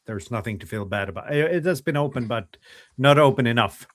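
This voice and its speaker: A man co-hosting a casual chat, speaking in a measured, slightly wry way. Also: mid-range voice, lively intonation. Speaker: co-host.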